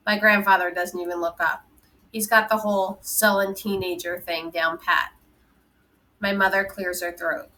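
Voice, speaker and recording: Bright-voiced woman reading a novel aloud. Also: mid-range voice, level tone, moderate pace, low-quality recording. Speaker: audiobook reader.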